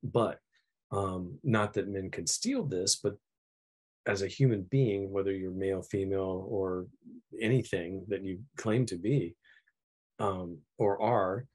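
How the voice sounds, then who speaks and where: Deep, husky man musing thoughtfully. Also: slow pace, a little mellow. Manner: thoughtful, reflective. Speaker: podcast guest. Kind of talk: casual chat.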